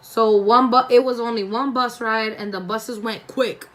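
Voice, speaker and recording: A woman's voice: fairly high pitch, fairly even intonation, moderate pace, a bit bright. A young woman vlogger who tells a story in a chatty, laid-back way while doing her makeup, swearing freely. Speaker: beauty vlogger.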